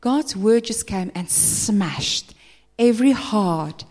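A South African woman preaching a sermon, emphatic and animated, acting out people's voices. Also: mid-range voice, slow, in a large hall.

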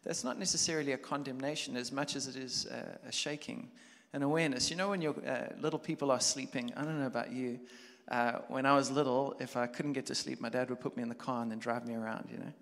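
A man preaching a sermon as a pastor, talking conversationally and building from quiet reflection to loud, animated storytelling. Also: medium pitch, fast, vocal fry, hardly any pauses. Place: church hall. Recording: long church hall reverb.

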